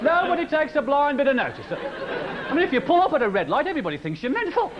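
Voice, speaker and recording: A man doing an animated, mocking stand-up monologue before a live audience. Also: very high-pitched, fast talker, over a noisy crowd, heavy background noise. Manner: animated, mocking, shouts punchlines. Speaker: comedian. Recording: dull broadcast recording, loud audience.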